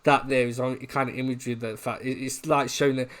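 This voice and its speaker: A man's voice: mid-range voice, flat delivery, fast, fairly bright tone. A man co-hosting a casual podcast review. He talks in a friendly, chatty way and laughs along. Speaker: podcast co-host.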